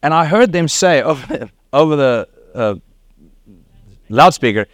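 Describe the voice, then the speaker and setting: A man's voice: fairly high pitch, lively intonation, unhurried, no echo. A middle-aged man with a South African accent preaching a sermon, telling stories with laughs and acted quotes. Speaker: pastor.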